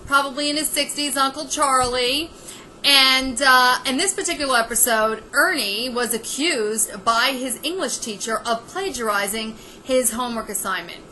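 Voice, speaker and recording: A woman's voice: sits high, sharp tone, a little hiss or hum, poor audio. A woman vlogger delivering a sarcastic, exasperated comedic rant.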